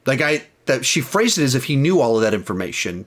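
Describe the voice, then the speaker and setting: A man's voice: medium pitch, big pitch swings, fast talker. A young man giving a casual, rambling film review, retelling scenes and often correcting himself mid-sentence.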